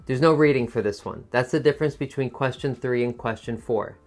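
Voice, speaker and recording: Teaching online about a test, this male TOEFL instructor has a gentle, singsong delivery that moves up and down within a typical mid-range pitch. To drive a point home, he rushes ahead and then drops to a much slower pace.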